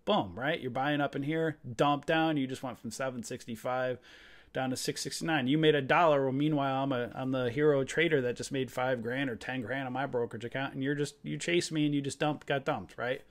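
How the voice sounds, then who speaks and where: A man's voice: mid-range voice, steady tone, fairly quick. Fired-up man ranting over a trading chart. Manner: casual, blunt, swears mildly. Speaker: trading room host. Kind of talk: live trading lesson over screen share.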